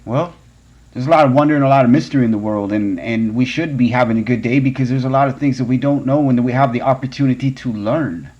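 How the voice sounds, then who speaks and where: A man's voice: medium pitch, fast, darkish tone, highs cut off. A man hosting a podcast, telling a personal story in an earnest, conversational way. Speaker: podcast host.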